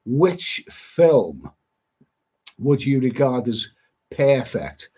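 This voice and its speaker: A man's voice: medium pitch, big pitch swings, drawn-out words, mellow, slightly rough. A middle-aged man, chatting casually on a live stream as a travel vlogger, rambling and repeating his words. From Liverpool, England. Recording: dull lo-fi stream audio.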